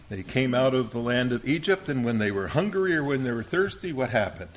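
A man's voice: medium pitch, lively intonation, fairly quick, few pauses. Patient man leading a Bible lesson, quizzing young listeners one by one. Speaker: Bible teacher.

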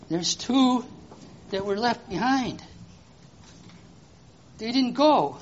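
An animated children's preacher who exclaims and keeps asking the kids questions. The voice sits at a middle pitch, and the recording is dull and lo-fi with faint hiss underneath. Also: slow pace, long pauses. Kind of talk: children's sermon with object lesson.

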